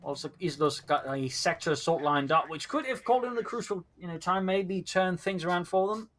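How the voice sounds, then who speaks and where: Man, game co-commentator, bright sharp tone, slightly high, analytical, faint hiss. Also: a little fast.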